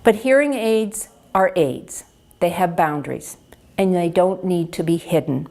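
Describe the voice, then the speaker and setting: A woman hearing care counselor gives an educational health talk. She speaks on a lapel microphone and explains clearly and patiently, with practical examples. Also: fairly low pitch, measured pace, mellow.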